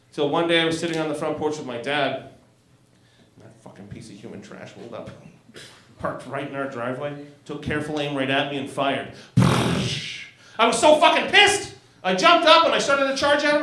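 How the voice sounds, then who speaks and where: Brief: forties male stand-up from Canada, fairly high voice, crude and self-deprecating, roomy club echo. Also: fast talker, a bit bright. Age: 40s. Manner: crude, self-mocking, laughs at own jokes. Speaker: stand-up comedian. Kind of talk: stand-up comedy set. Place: comedy club stage.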